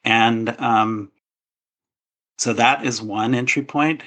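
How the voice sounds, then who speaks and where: A man's voice: medium pitch, steady tone, slow pace, a bit bright, rough recording. A man speaking as an author guest in an interview, earnest and a little hesitant, with many fillers and restarts. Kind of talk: casual interview talk.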